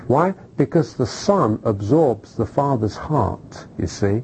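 A middle-aged man preaching a sermon, animated, throwing rhetorical questions at the congregation and checking in with "okay?". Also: medium pitch, unhurried, a little hiss or hum, poor audio.

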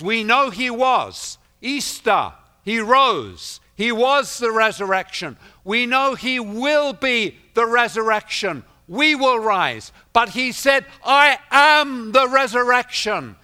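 Man preaching, high voice, bright tone, slow and deliberate, quiet lulls rising to loud emphatic repeats. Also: clean tone. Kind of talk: sermon.

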